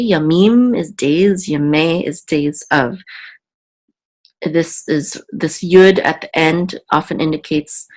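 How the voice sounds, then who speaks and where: Low-voiced woman teaching slowly and patiently. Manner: patient, repeats and slowly sounds out words. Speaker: Hebrew teacher. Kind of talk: explaining a reading lesson to camera.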